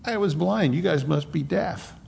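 A man's voice: fairly high pitch, normal speed, a little mellow, long reverb tail, slight background noise, pitched above the performer's own voice, lightly acted. A man voicing an exasperated formerly blind man who answers with sarcasm and indignation. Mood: sarcastic.

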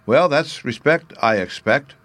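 A man's voice: medium pitch, lively intonation, unhurried, a bit bright, no room sound, pitched above the performer's own voice. A man voicing a jolly, cheeky little china clown who talks in rhymes, in a storybook reading. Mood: saucy. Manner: cheeky, rhyming.

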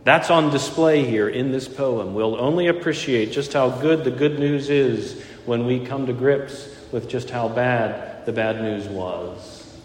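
A man's voice: mid-range voice, measured pace, slight background noise. A male pastor preaching a morning sermon with earnest emphasis, repeating his key phrases. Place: church sanctuary. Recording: echoey church hall.

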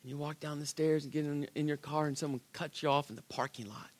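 A man preaching a sermon, telling the story with animated, acted-out quotes and rhetorical questions. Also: fairly high pitch, fast. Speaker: pastor.

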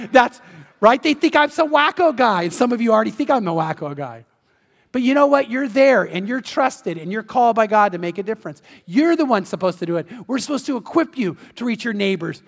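A middle-aged male pastor preaching a sermon, telling a story with lively acted-out voices and sinking to a soft, slow appeal. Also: high-pitched. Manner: animated storytelling, acting out quoted voices; drops to soft, slow, intimate appeal at the close. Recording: long hall reverb.

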